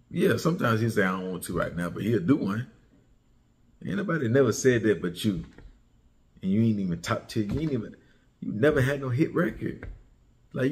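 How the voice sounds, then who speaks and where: A man's voice: lowish voice, darkish tone. Male commentary host, heated and mocking, delivers a repetitive profane rant.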